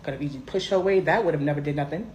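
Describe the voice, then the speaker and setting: A young woman telling a personal story in a casual, animated, sassy way. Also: deep voice, racing, a little hiss or hum. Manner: animated, sassy, emphatic swings.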